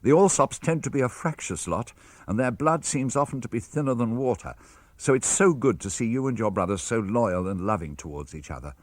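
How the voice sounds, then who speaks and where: An older man with a British accent reading a father's letters aloud for radio, measured and expressive. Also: mid-range voice, no echo. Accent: British English. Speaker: reader of letters.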